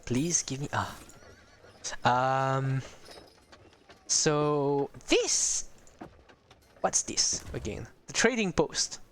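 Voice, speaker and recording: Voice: medium pitch, sing-song, extremely slow, long pauses, a little hiss or hum. A streamer giving casual, rambling commentary on a strategy game, talking to viewers with many hesitations.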